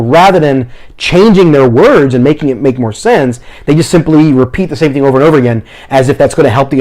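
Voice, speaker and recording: A man who talks fast, giving practical teaching advice to camera and acting out short examples as he goes. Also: fairly high pitch, a little mellow. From Philadelphia, family from Puerto Rico. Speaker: mission trip leader and preacher. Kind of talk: instructional talk to camera.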